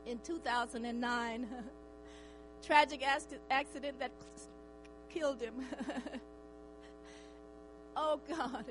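A woman's voice: high voice, sharp tone, rough recording. An older woman giving an emotional church testimony, fervent and tearful, often breaking into cries of praise.

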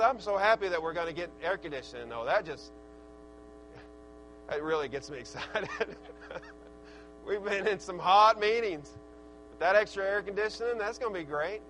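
A man preaching a sermon, with a rhythmic preaching cadence that swells into excited shouts. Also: high voice, rough recording. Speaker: pastor.

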